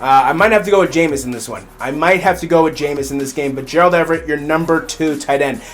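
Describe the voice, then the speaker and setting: A man's voice: fairly high pitch, quick pace. A man hosting a solo fantasy football show, rambling through his picks, repeating phrases and getting fired up into rants. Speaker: fantasy football podcast host.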